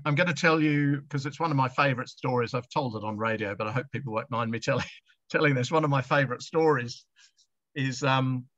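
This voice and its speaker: A middle-aged Australian man tells stories over a video call, chatty and quick to laugh, often restarting his sentences. His voice is bright and forceful, in a dry space, and the sound comes through dull and lo-fi. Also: medium pitch, no room sound. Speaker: guest author. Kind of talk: anecdotal storytelling on a video chat.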